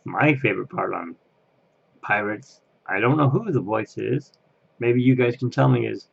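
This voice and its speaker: Slow gravelly guy rambling about his collection on a webcam, dull lo-fi sound. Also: mid-range voice. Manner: rambling, chatty, laughs at himself. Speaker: Disney fan interviewee. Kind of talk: casual chat.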